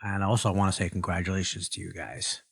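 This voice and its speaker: Male podcast host, low easygoing voice, dry close sound. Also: level tone, quick pace, creaky, a bit bright, husky, dry recording. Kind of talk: casual interview.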